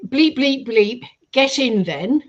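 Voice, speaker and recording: A British woman quoting a rough, rude middle-aged woman driver while telling a story. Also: fairly high pitch, expressive, slow, muffled recording.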